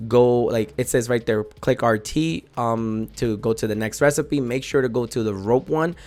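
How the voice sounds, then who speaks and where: A man walks new players through a survival game in an easygoing tutorial voice. He is chatty and explains each step, stopping now and then to correct himself. His voice sits at an ordinary middle pitch. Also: normal speed, darkish tone. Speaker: gaming channel host. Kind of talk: casual game tutorial commentary.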